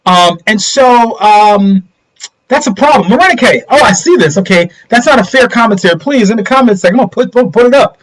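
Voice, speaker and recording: A man's voice: high-pitched, brisk, low-quality recording. Middle aged guy doing a political livestream, chatty, keeps asking the viewers stuff, voice goes way up and down. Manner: animated, talks straight to viewers with rhetorical questions. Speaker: livestream host reading viewer comments. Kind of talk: casual political commentary livestream.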